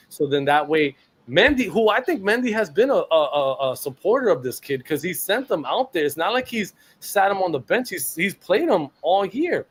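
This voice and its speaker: Fired-up, profane New sports ranter. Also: male voice, sits high, normal speed, husky. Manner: blunt, profane, animated. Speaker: podcast co-host. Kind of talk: heated sports rant.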